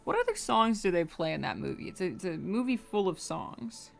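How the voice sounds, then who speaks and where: A woman's voice: fairly low pitch, expressive, normal speed, gravelly, soft background music. A young adult woman streaming live while she draws, rambling casually to her chat and humming between remarks.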